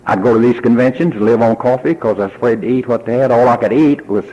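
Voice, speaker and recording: A man's voice: mid-range voice, fast talker, dark tone, dull audio. An older man with a Texan accent giving a personal testimony at a recovery convention, telling his story in a folksy way and acting out remembered dialogue. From Texas.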